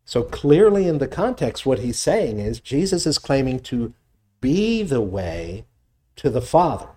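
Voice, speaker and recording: A man's voice: medium pitch, lively intonation, normal speed, warm tone. A man preaching a teaching sermon, explaining scripture word by word, with small restarts and rising emphasis when he reads verses aloud. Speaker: pastor. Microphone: presenting with slides on screen.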